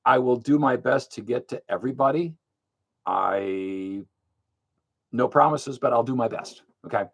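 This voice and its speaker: An older man hosts a monthly live Q&A stream, speaking bluntly and matter-of-factly with lots of fillers. His mid-range voice is fairly bright with a breathy edge, and he talks a little fast in this casual exchange.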